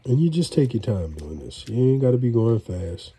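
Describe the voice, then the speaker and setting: Middle-aged New home cook, stuffy nose, husky, easygoing rambler. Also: male voice, medium pitch, very animated, moderate pace, warm tone. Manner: folksy, rambling, chatty with viewers. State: congested. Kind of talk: casual cooking vlog.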